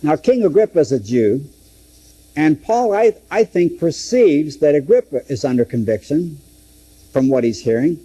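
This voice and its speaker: A man's voice: fairly high pitch, expressive, moderate pace, warm tone, breathy edge, poor audio. A man teaching through a Bible book, dramatically acting out the quoted speeches. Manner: dramatic, acts out scripture quotes.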